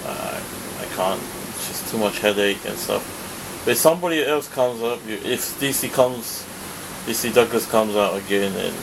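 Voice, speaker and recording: Low gravelly guy rambling thru a vlog, lots of ums and you knows, swears when annoyed. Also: background noise. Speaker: vlogger.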